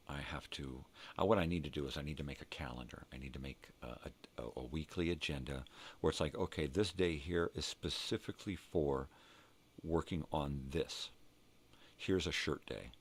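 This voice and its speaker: An older man hosting a rambling morning vlog, talking to himself and cursing freely as he thinks out loud. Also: a bass voice, slightly rough. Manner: rambling, profane, talks to himself. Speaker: vlog host.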